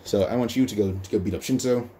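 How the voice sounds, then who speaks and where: A riled-up teenage boy hero, as a man reads him out in a low-ish, mellow voice. The lines come in a plain retelling style with stumbles and restarts. There is faint noise behind. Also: fast talker, lightly acted. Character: boastful teen boy hero, angry fighter.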